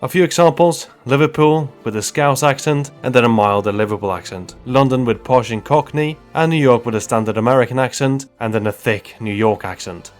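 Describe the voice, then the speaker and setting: A man's voice: mid-range voice, a little fast, few pauses, soft background music. Wry man narrating a game story. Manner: wry, joking asides. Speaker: YouTube narrator. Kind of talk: humorous video game story recap.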